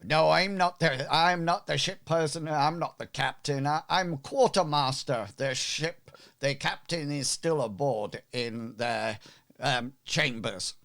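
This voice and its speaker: A man's voice: on the high side, slow, gravelly, a bit bright, exaggerated voice. A man voicing an easygoing male ship's quartermaster who enjoys haggling. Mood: matter-of-fact. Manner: breezy, bargaining.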